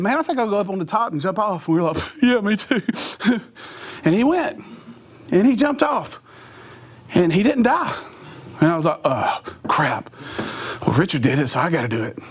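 A middle-aged man speaking to teenagers in a youth sermon. His voice sits fairly high, and he tells stories with energy, acting out sound effects and quoting his friends in their voices. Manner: animated storytelling with voiced sound effects and impressions.

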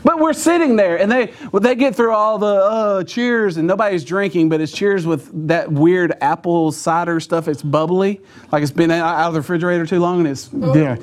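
A pastor with a fairly high voice, preaching a sermon in a church. He tells funny stories about himself in a folksy, self-mocking way and laughs at his own jokes before turning to his message. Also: normal speed, few pauses. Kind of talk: sermon with humorous storytelling. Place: church sanctuary.

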